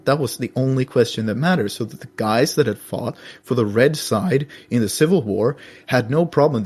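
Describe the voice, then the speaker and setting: A man's voice: medium pitch, a little mellow, slightly rough. A man from Finland, chatting casually as a podcast guest, rambling with restarts. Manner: rambling, many restarts, mocking put-on voices when quoting.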